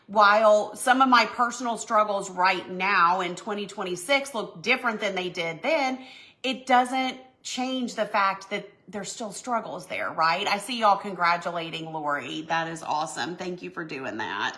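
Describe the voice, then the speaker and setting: A woman hosting a casual live stream, with a bright, forward voice. She is emotional and effusive, and she gushes warmly over viewers' comments as she talks. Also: lowish voice, expressive, moderate pace. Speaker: home goods brand owner hosting a live stream. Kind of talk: casual live stream chat while signing.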